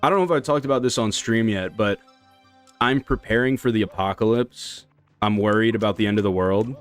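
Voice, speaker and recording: A man's voice: on the low side, fairly quick, clean tone, faint music behind. A man chatting casually on a live stream while playing, rambling and slangy. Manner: rambling, slangy, laid-back. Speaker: speedrun streamer.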